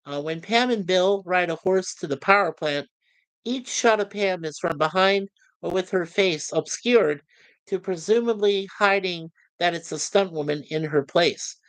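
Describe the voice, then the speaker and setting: A man's voice: high-pitched, fairly bright tone, dry recording. A man hosting a casual livestream review of a TV series, chuckling as he reads out chat messages between trivia. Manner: friendly, chuckling, reads chat messages aloud with filler pauses. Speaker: podcast host reviewing a TV series.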